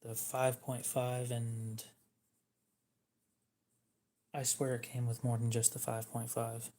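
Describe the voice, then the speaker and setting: A man's voice: mid-range voice, completely flat delivery, measured pace, mellow, a little hiss or hum. A young man hosting a livestream, giving dry, teasing replies to chat in casual talk. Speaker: livestream host.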